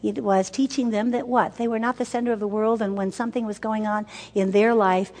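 Here a women's ministry speaker, an older woman, talks fairly quickly at medium pitch with a darkish tone and fairly even intonation. Teaching a room of mothers, she stresses points, repeats words for effect and questions her listeners. Long hall reverb colors the sound.

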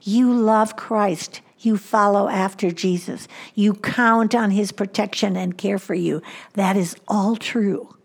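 A woman preaching a sermon, slowing down and dropping to a hushed voice on key points. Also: medium pitch, steady tone, creaky. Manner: slows down for emphasis, drops to a hushed voice on key points.

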